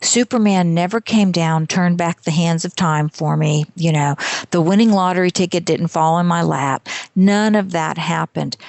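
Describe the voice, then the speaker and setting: Gravelly-voiced woman telling her story. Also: fairly low pitch, a little mellow, no room sound. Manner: candid, self-deprecating storyteller. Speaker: guest author. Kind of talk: casual interview conversation.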